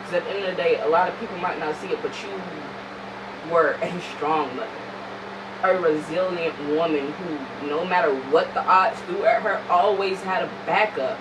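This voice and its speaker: A woman's voice: on the low side, moderate pace, background noise. A woman recording an emotional, pleading video message to her mother on a phone, often repeating herself. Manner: pleading, repeats herself, swings between soft and loud.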